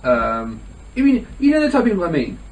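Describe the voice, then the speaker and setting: Fast-talking young man, rambling podcast chat. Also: high voice, wildly swooping pitch. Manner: rambling, heavy use of "like", laughs often. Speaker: podcast co-host. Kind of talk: casual chat. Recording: distant mic with faint ambient noise.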